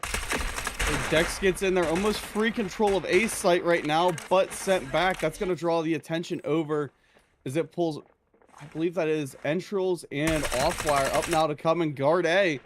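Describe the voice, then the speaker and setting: A man's voice: a little high, measured pace, background noise. A man giving laid-back, analytical color commentary on an esports match. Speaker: esports co-caster.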